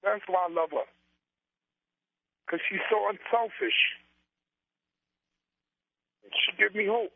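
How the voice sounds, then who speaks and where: A man's voice: sits high, takes it slowly, creaky, pauses often, dry recording, narrow, tinny audio. A man in his forties, an interview guest talking with emotion and building up his points in repeated, preacher-like runs. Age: 40s. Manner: impassioned, repetitive, preacher-like build-ups. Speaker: interview guest, comedian and author.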